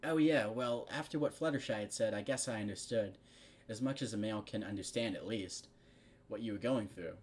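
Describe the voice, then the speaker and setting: A man's voice: lowish voice, fairly quick, a little mellow, natural voice. A man reading a sheepish, fumbling young human man in a fan story, in close to his own voice. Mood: earnest.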